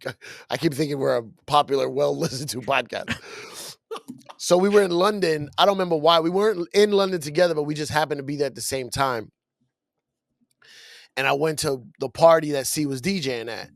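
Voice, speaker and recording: A man tells a story on a podcast and acts out the lines of the people in it. His voice sits a little high, and he laughs as he goes. The studio mic is close and dry. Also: a little fast, creaky, no room sound. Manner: animated storyteller who acts out quotes, laughs often. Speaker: podcast co-host. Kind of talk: casual storytelling chat.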